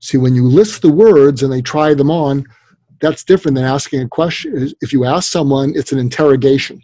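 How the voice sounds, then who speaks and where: The guest is an older man, a psychiatrist, talking fairly quickly at medium pitch on a podcast interview with no room sound. Lively in his storytelling, he impersonates the people he quotes.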